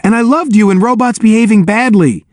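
A man's voice: on the high side, big pitch swings, unhurried, a little mellow, no echo, clean studio sound, voice pushed up. Man doing a joking young soldier, raised voice. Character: teasing young male soldier, admiring.

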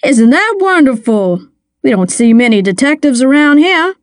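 A woman's voice: high voice, sing-song, normal speed, no echo, studio quality, voice pushed up. Figure: a genial small-town male mayor , voiced by a woman. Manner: effusive, welcoming, chatty, raised and lilting. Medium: audiobook. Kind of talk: audiobook character voice.

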